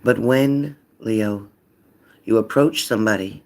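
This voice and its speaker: A man giving a casual card reading, acting out loud quotes and dropping into whispers. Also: lowish voice, slow, gravelly, pauses often, a little hiss or hum. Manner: animated, acts out loud and whispered voices. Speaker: psychic card reader.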